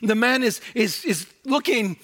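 A man preaching an expository sermon, with animated swings between loud emphatic quotes and quiet asides, and frequent restarts. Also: extremely high pitch, a little slow. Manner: frequent restarts and repeated words. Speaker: pastor.

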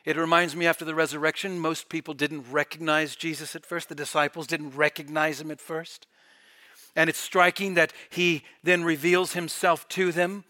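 A man preaching a sermon with fervent delivery, swelling loud and dropping to near-quiet. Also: on the high side, little pitch movement, normal speed. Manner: fervent, rising and falling in volume.

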